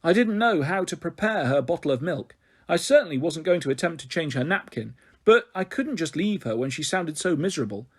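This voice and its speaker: A man reading a children's novel aloud in an expressive storytelling manner. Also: fairly high pitch, fairly quick, slightly rough. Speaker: story reader.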